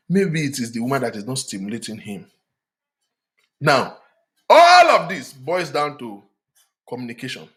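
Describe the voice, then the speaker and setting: A man's voice: medium pitch, a bit bright. Emphatic man giving frank advice. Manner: emphatic, preachy, switches into Yoruba. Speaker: relationship talk host. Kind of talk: frank relationship advice monologue.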